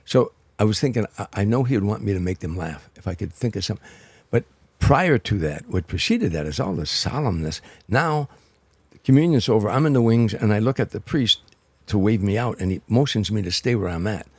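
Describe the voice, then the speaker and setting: Husky low-voiced older man telling stories. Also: fairly quick, dry recording. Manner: animated raconteur, restarts and repeats words. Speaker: guest comedian. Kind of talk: anecdotal storytelling in an interview.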